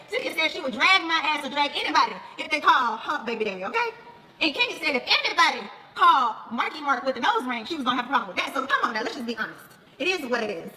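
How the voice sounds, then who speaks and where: A woman's voice: high voice, sharp tone, in a large hall. A woman in casual gossip chat, telling stories bluntly and acting out both sides of conversations with lots of laughter. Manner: blunt, profane, laughs often. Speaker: reality show cast member talking to viewers.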